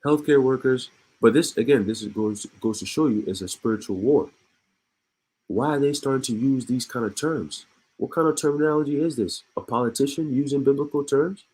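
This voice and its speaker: A man's voice: medium pitch, fairly quick, a little mellow, slightly rough, low-quality recording. A man reading news aloud and adding his own commentary, stopping often to laugh or repeat himself. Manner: reads news aloud and breaks off with laughs and asides; repeats and restarts words. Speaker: online commentator.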